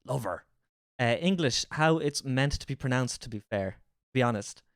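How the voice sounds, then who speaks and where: A man's voice: medium pitch, normal speed, clear, resonant tone, dry recording, clean studio sound. A man streaming a reaction to a video, riffing with incredulous, swearing commentary.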